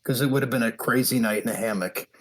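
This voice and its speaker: A man, a podcast guest, telling hiking stories in an animated, chatty way and often laughing. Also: mid-range voice, fast talker. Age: older. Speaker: podcast guest, thru-hiker. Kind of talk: casual storytelling interview.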